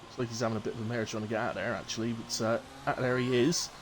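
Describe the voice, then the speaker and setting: A Bristolian man in his thirties commentates a sim race live, reeling off lap times and positions in a relaxed, chatty way. His voice sits at an ordinary mid pitch. A faint background noise runs under the recording. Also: fast talker. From Southwest England. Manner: chatty, banters with chat between calling lap times.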